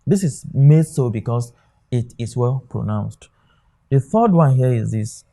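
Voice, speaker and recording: A man gives an exam lesson in a mellow, warm voice. He walks through examples on a board, stopping often to say "okay" and check that students follow. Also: medium pitch, animated, measured pace, gravelly. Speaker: exam tutor. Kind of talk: classroom lecture.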